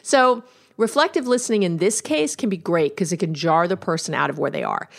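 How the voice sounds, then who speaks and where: A woman's voice: lowish voice, a little fast, creaky. A woman therapist hosting a podcast, explaining relationship tools in a casual, conversational way and acting out sample exchanges. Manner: conversational, acts out quoted exchanges, laughs now and then. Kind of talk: instructional podcast monologue.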